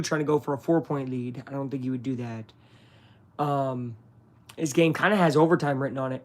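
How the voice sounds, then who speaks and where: Excitable man calling a live game. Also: a little high. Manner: chatty, reacting excitedly to plays and addressing viewers. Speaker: streamer hosting a live game watch-along. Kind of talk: live play-by-play commentary.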